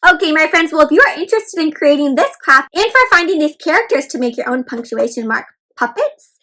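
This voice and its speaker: Brief: woman, high-pitched kids' read-aloud host, encouraging sing-song teacher. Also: lively intonation, fairly quick, pushed and bright, rough recording. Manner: encouraging, repeatedly addresses listeners as friends; bouncy sing-song teacher delivery with counted prompts. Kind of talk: teaching young children after a read-aloud.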